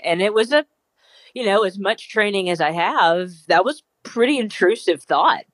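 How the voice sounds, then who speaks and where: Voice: medium pitch, normal speed, a bit bright, no room sound. Reflective podcast host, dry sound. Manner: rambling and reflective, with many "you know" fillers. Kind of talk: casual conversation.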